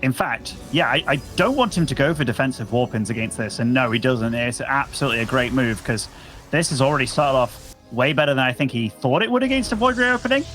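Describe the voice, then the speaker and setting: A man's voice: mid-range voice, expressive, fast, a bit bright, soft background music. A man casting a live strategy game match, chatty and upbeat, bantering with his co-caster. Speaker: esports caster.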